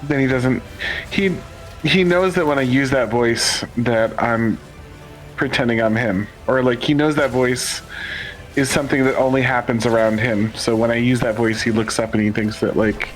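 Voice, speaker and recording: A man's voice: mid-range voice, fairly even intonation, moderate pace, soft background music, poor audio. A man chatting casually and playfully on a gaming stream, rambling and joking. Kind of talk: casual chat.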